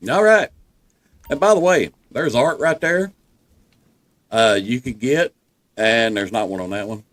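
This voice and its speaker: Folksy Southern man with a lively voice. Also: mid-range voice, unhurried. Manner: folksy and reassuring, addresses viewers as folks. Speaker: gameplay guide. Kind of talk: walkthrough commentary over gameplay.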